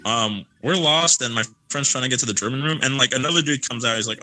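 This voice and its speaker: Young guy on a podcast, bright voice, rambles and swears a lot, faint music behind. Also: medium pitch, quick pace, few pauses, poor audio. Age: young adult. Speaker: podcast co-host. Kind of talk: casual chat.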